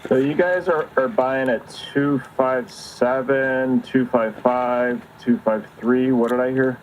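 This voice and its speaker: A man's voice: mid-range voice, fairly even intonation, slow pace, low-quality recording. A man in a casual chat speaks nervously, hesitating often. His voice sits in the middle range, with faint background noise on the line.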